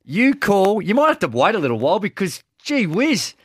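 A man co-hosting a sports talk radio show, wry and animated when telling stories. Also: sits high, moderate pace, slightly rough, dry recording, clean studio sound. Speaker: radio co-host. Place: radio studio.

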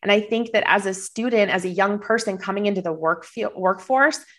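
A woman's voice: medium pitch, fairly quick, a bit bright. Minnesota woman on a podcast, slight cold, earnest encouraging advice, lots of little restarts. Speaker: podcast guest. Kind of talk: casual interview answers.

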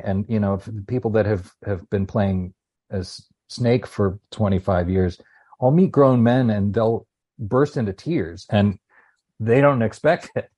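A man in his fifties speaks with passion in an interview, often restarting as he looks for the right word. His voice is husky and sits fairly low. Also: mellow. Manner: passionate, searching for words, repeats himself. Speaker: voice actor guest. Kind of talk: conversational interview chat.

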